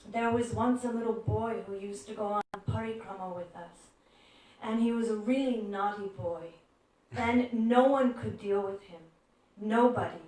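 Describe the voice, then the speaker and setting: A woman giving a devotional talk, telling stories gently and acting out the voices in them. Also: fairly high pitch. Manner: gentle storyteller who acts out quoted voices. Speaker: devotional speaker. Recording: echoey room, far from mic.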